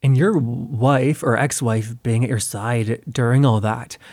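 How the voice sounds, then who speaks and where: A male podcast host asks questions and reacts with curious, quick comments. His voice sits at an ordinary pitch. The recording is dry and close, with no room echo. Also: steady tone, darkish tone. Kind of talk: conversational interview.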